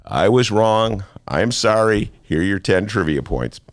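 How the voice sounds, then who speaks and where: A man's voice: lowish voice, expressive, a little slow, no echo. A man hosting a talk show in a studio, joking and self-mocking in a playful monologue. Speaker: host.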